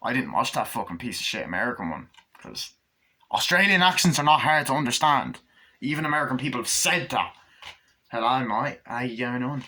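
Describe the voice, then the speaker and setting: A man's voice: medium pitch, very animated, fairly quick, sharp tone, breathy edge. A man giving a casual movie review, enthusiastic and rambling, swearing often.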